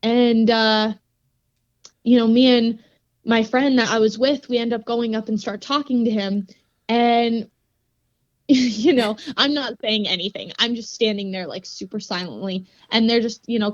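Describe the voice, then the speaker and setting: On a dry recording with the highs cut off, a young woman with a fairly high voice guests on a podcast. She's a grappler, and she recounts a story casually and animatedly, giggling and leaning heavily on "like."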